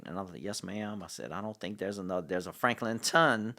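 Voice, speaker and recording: A middle-aged man, a podcast guest telling a story in casual conversation, halting with fillers and restarts. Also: fairly low pitch. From Louisiana, USA. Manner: halting, many restarts and fillers, grows excited. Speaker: podcast guest, city public relations director.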